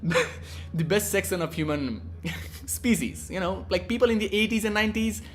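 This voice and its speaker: A man's voice: sits high, moderate pace. A young man from India rambling casually through a profane, cheeky monologue as a vlogger.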